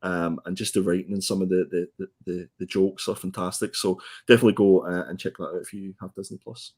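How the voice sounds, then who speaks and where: Stammering, low-voiced podcast co-host man. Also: fairly even intonation, fast talker, a little mellow, slightly rough. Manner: hesitant, repeats words, laughs easily. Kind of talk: casual chat.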